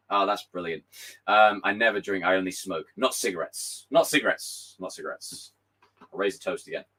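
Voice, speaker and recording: A young man hosting a casual live stream, reading chat aloud with a hoarse voice, animated and swearing freely. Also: on the low side, poor audio. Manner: animated, swearing, bursts into shouts.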